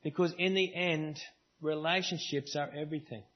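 A man preaches to his congregation in a relaxed, conversational way, leaning hard on key words now and then. His voice sits a little high and has a husky edge. The church recording sounds somewhat dull and lo-fi. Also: moderate pace. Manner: conversational preaching with varied emphasis. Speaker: pastor. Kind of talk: sermon. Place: church service.

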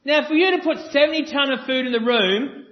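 A man with a high voice preaches to a live congregation, pressing his points through repetition and breaking into playful back-and-forth with the room. The recording sounds dull and lo-fi. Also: brisk. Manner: earnest and emphatic, repeats phrases, jokes with the audience. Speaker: pastor.

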